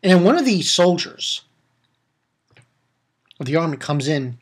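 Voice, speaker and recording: A man's voice: fairly high pitch, sing-song, a little slow, husky. A man casually recapping an anime episode, rambling with laughs, swearing and acted-out quotes. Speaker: anime reviewer.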